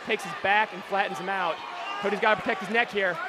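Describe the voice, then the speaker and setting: A man's voice: high voice, fairly even intonation, fast, heavy background noise. A man giving chatty, joking color commentary on a live cage fight, explaining technique as it happens. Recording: loud crowd and music around.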